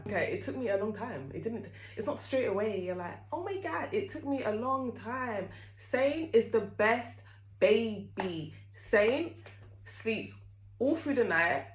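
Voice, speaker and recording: Candid woman vlogging in an echoey room. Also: mid-range voice. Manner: chatty and candid, with many fillers. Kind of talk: candid talk to camera.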